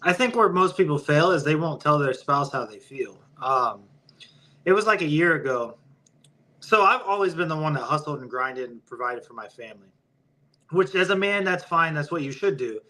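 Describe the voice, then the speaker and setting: A male guest on a casual podcast. His voice sits a little high and comes across bright and forceful. He talks in a blunt, opinionated way and swears freely. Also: animated, normal speed, low-quality recording. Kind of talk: casual interview chat.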